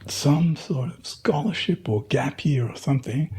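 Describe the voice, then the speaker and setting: A man's voice: on the high side, a little slow, darkish tone, slightly rough. A middle-aged man, from Tasmania, talking casually as an interview guest and rambling through stories with many fillers and restarts. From Tasmania, Australia.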